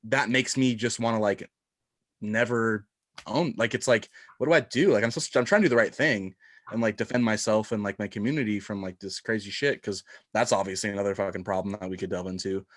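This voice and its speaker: Young dude on a chat show, acts out everyone's lines, dry close mic. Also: male voice, fairly low pitch, fairly quick, dry recording. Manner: animated storyteller, acts out quoted voices. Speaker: podcast co-host. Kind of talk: casual chat.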